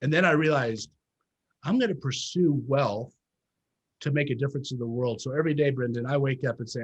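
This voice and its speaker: A former pastor in his fifties who now owns a real estate business speaks as an interview guest, earnestly recounting his story and slowing down on key points for emphasis. His voice is medium-pitched and a bit rough, and the audio is poor.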